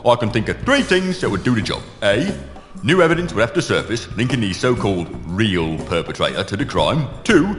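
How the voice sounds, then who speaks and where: A smug, sardonic island constable, low and lazy, whose pitch swings widely as he mocks. His dry lines ring with a long reverb over game music. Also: big pitch swings, fairly quick, fairly bright tone. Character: lazy sarcastic male island constable, adult.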